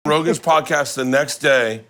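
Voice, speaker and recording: A man hosting a casual kitchen chat, telling a road story with lively quoted voices. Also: medium pitch. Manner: animated storyteller doing quick quoted voices. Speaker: host.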